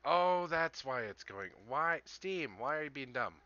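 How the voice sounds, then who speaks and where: A man with a fairly high, pushed and bright voice streams a game live, unhurried but animated as he casually comments on his play. He chats to viewers and chuckles often, and the audio is dull with no echo.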